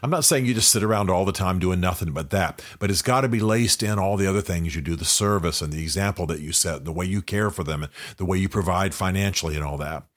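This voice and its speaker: A man's voice: sits low, fast, hardly any pauses. An older man and men's ministry leader giving a direct, earnest motivational talk to men.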